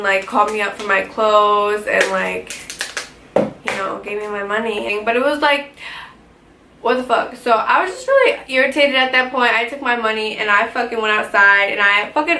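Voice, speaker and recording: A young woman recounts a story in a casual storytime vlog, her voice bright and a little high. She talks animatedly, peppering every line with "like" and swearing freely. The room is echoey, with faint ambient noise underneath. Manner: animated, heavy swearing, lots of "like". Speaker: vlogger telling a story.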